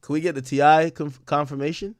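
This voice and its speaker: A young adult man hosting a live stream, reacting loudly to gossip with profane, animated commentary and frequent laughter. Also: fairly high pitch, fairly quick, no echo, clean studio sound. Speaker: streamer host.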